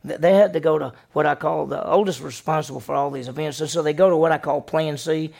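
A man pastor preaching a sermon, questioning the congregation and acting out the story with lively voices. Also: on the high side, fast, gravelly.

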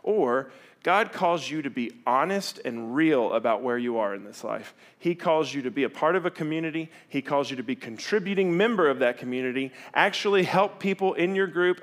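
Animated male pastor preaching. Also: a little high. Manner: animated, acts out reluctant voices. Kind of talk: sermon.

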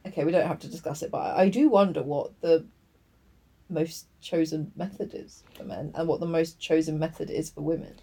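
A woman's voice: low-pitched, moderate pace, dark tone, husky. A woman co-hosting a podcast, talking casually, swearing and laughing a lot. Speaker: podcast co-host. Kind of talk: casual chat.

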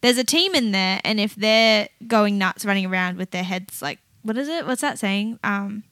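A woman's voice: mid-range voice, moderate pace, dry recording. A woman who works in child therapy, chatting casually on a podcast and telling stories with acted-out voices. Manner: animated storyteller who acts out voices. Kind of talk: casual chat.

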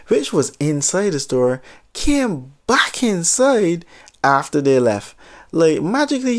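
A man telling a comic story in casual talk, animated and exaggerating, with some swearing. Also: fairly high pitch.

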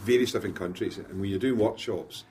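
A middle-aged Glaswegian man telling animated anecdotes in a casual podcast chat. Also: fairly low pitch, a little hiss or hum. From Scotland. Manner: animated anecdotes, quick laughs.

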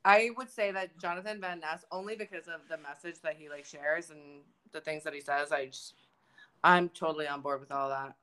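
A woman's voice: low-pitched, fairly even intonation, a little fast, a bit bright, clean tone. A young woman co-hosting a podcast in casual chat, bubbly, laughing often and swearing freely. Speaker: podcast co-host.

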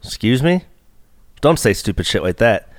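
A man's voice: medium pitch, sing-song, normal speed, dry recording, clean studio sound. A man hosting a casual podcast, rambling and swearing, full of fillers and restarts. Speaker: podcast host. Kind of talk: casual bickering podcast banter.

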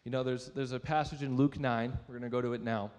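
A mid-range, darkish male voice with fairly even intonation moves at a quick pace, trailing a long reverb through a church sanctuary. The young adult pastor preaches by telling a self-deprecating personal story in a conversational style and asking his audience questions.

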